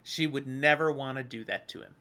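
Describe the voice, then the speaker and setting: A woman co-hosting a casual book discussion podcast, retelling the story in an animated way. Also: rumbling low, a little fast. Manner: animated retelling, playful voices in quotes. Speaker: podcast co-host.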